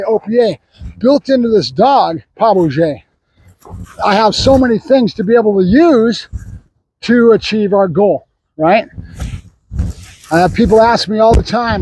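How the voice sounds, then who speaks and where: A man's voice: sits high, a little mellow, breathy edge, rough recording. A man who trains dogs, talking casually outdoors about training his dog and giving it commands in French. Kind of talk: casual training vlog talk. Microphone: camera set up on his own.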